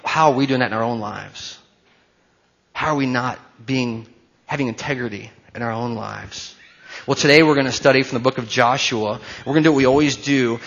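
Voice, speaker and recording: Husky-voiced pastor preaching casually. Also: male voice, mid-range voice, muffled recording. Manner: conversational and joking, turning into quiet prayer. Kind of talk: sermon.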